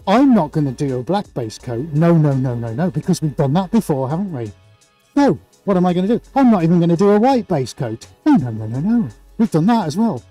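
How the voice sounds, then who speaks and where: High, mellow-voiced chatty man hosting a livestream. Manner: chatty, playful, greets viewers by name. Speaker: livestream host and painter. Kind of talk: casual livestream chat.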